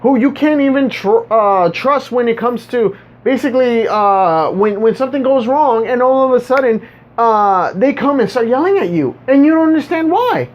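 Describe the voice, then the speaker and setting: This vlogger's expressive, mid-range voice moves at a moderate pace through a casual monologue rant aimed at viewers. It's rambling and sarcastic, tripping over repeated words, and captured as dull lo-fi audio.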